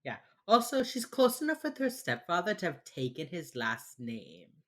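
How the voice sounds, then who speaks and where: A woman's voice: fairly low pitch, huge pitch swings. A woman co-hosting a podcast, recapping a TV episode in rambling casual chat full of fillers. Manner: rambling, filler-heavy, with quick mocking impressions. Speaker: podcast co-host.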